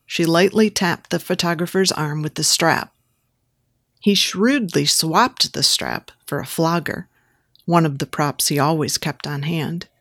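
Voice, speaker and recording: A woman narrating an erotic story as an audiobook, reading in a steady, even way. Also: on the low side, dry recording, studio quality.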